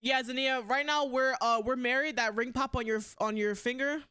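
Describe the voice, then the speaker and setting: A young woman streaming live, chatting casually and bluntly, swearing a lot and swinging between loud outbursts and quieter asides. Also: high-pitched, fairly even intonation, normal speed, smooth. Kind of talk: casual livestream chat.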